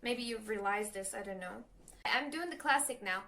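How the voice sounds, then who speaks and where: A young woman with a Turkish accent, a Turkish native speaker, chatting nervously in a casual advice vlog, halting with many fillers and self-corrections. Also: on the high side, sharp tone. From Turkey. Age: young adult. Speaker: language learner vlogger.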